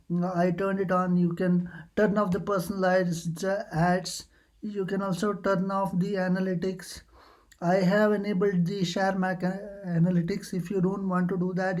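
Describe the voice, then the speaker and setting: This medium-pitched, darkish voice belongs to a tutorial host casually showing computer settings on a screen recording. Delivery is hesitant, packed with uh fillers and restarts.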